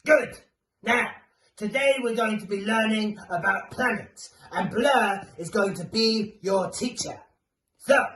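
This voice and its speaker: Man playing a bouncy high-voiced creature teacher for a kids' show, slow and careful, echoey room off-mic. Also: fairly bright tone, exaggerated voice. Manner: bouncy and playful, calls for audience replies. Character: playful Blur creature teaching children about planets. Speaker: children's presenter. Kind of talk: children's theatre character. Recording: roomy echo, far from mic, faint hiss.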